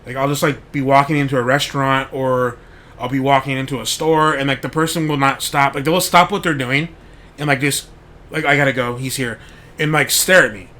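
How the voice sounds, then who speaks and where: Bright-voiced man telling rambling stories. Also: mid-range voice, steady tone, a little fast. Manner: rambling, heavy on "like", swears freely. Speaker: podcast host. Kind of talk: casual storytelling monologue.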